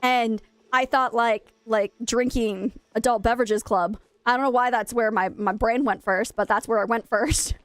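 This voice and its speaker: Young woman streaming a game, high voice, chatty and rambly, dry close mic with soft music behind. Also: moderate pace, hardly any pauses, smooth, no echo. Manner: rambling storyteller, lively and self-mocking. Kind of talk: casual chat while gaming.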